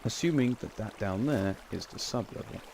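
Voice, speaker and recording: Deep gravelly man rambling over gameplay. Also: measured pace, background noise. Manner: rambling, self-correcting, wry asides. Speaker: game channel host. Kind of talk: casual gameplay commentary.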